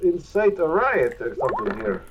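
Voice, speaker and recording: A man playing a tabletop game, brisk and direct. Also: a little high, very animated. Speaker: player. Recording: dull lo-fi mic.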